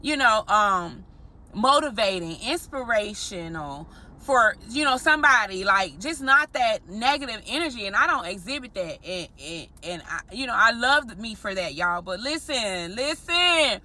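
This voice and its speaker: A married woman telling an animated story straight to her viewers in a vlog, often calling them y'all. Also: a little high, unhurried. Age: adult, married. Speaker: vlogger.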